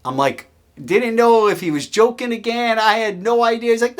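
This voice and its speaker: A man telling a lively story. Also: high voice, normal speed. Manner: animated, acts out quoted voices. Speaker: host. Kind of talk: casual storytelling.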